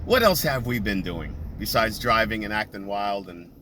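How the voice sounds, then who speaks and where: A man's voice: on the low side, animated, moderate pace, sharp tone. A man chatting casually while driving in traffic, laughing and telling stories with quoted voices. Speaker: vlogger. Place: car in traffic. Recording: car and road noise. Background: traffic noise.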